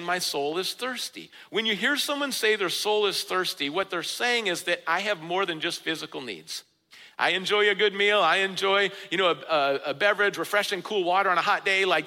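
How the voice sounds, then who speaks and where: A man preaching a sermon as pastor, earnest, rising for emphasis and dropping low and slow. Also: sharp tone, long reverb tail, poor audio.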